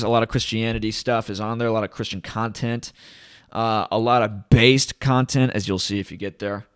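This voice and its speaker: In a lowish voice, a crypto channel host rambles to camera in a casual vlog, full of enthusiasm and hype. The audio comes from a camera sitting at his desk.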